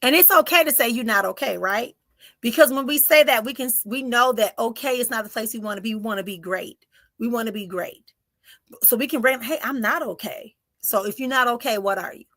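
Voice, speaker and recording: A middle-aged woman, hosting a live stream and giving emotive spiritual readings that often drop into soft whispers. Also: a little high, fairly quick, dry recording, studio quality. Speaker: spiritual medium and podcast host. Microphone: close mic for live streaming.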